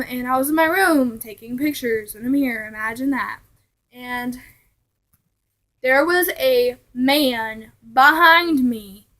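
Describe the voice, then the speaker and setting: A chatty young woman tells ghost stories straight to her viewers in a casual vlog. Her voice sits a little high, and she keeps the telling animated while slipping into hushed asides now and then. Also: low-quality recording. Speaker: vlogger.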